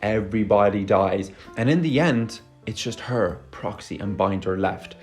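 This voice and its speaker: A man's voice: fairly low pitch, expressive, fairly quick, few pauses, darkish tone, faint music behind. A man giving a casual movie review, sarcastic and exasperated, swearing often. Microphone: phone.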